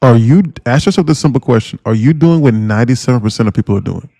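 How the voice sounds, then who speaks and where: A man giving live day-trading commentary on a stream, talking in an animated, emphatic way that keeps repeating and restarting phrases. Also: mid-range voice, fast, vocal fry, dry recording, studio quality.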